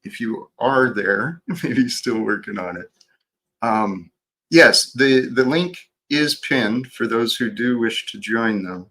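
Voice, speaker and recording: A man hosting his own livestream, talking in a slow, reflective way with frequent restarts. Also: mid-range voice, a bit bright, slight background noise. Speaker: livestream host. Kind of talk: casual livestream chat.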